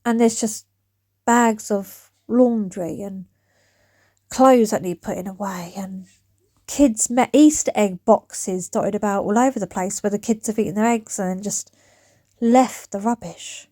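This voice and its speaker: A woman's voice: mid-range voice, unhurried, dark tone, no echo. A woman of around forty, rambling chattily to camera in her back garden as a DIY vlogger, her throat going dry. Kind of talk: chatty vlog talk to camera. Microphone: phone camera.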